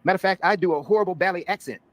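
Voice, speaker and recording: A man's voice: high-pitched, racing, no echo. A man hosting drama commentary, replaying clips and explaining with sarcasm. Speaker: commentary streamer.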